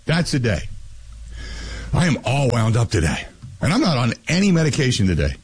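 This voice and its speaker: A man hosting sports talk radio, ranting loudly with crude insults in a husky voice. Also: medium pitch, wildly swooping pitch, normal speed, poor audio.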